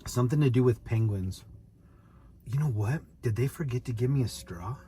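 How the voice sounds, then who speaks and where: A man's voice: medium pitch, normal speed, warm tone, a little hiss or hum. A man casually chatting on a live stream, joking, rambling, and greeting viewers by name.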